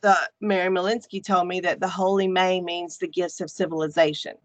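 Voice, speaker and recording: A woman guest in casual chat, animated and frank, swearing freely as she talks about her faith. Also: on the low side, a little fast, dry recording. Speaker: podcast guest, archpriestess.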